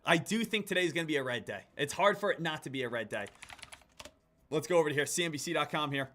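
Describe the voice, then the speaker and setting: A man giving live day-trading commentary, excitable, jumping between loud hype and quiet muttering. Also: on the high side, fast, a little hiss or hum. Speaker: day trader streaming his trades.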